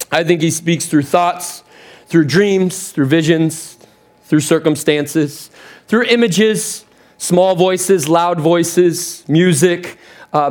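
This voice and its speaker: Animated, slightly high-voiced male pastor. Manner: animated storytelling, repeats words as he goes. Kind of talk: sermon. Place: church platform.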